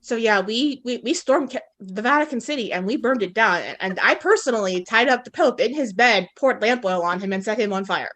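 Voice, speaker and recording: A woman's voice: fairly high pitch, expressive, a little fast, hardly any pauses, a bit bright. A woman in a casual podcast chat who tells a story in a hesitant, matter-of-fact way, restarting often.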